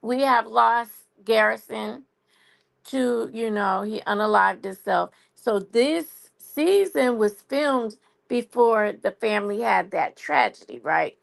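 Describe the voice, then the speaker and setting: A woman's voice: a little high, takes it slowly, gravelly. A woman hosting a live stream, chatting casually about a TV show and saying y'all a lot. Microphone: phone.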